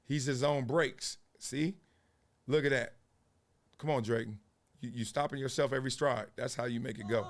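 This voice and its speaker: A man with a mid-range voice and fairly even intonation hosts a casual sports commentary show at a moderate pace, with background noise audible. He jokes and trash-talks, now and then breaking into freestyle rhymes.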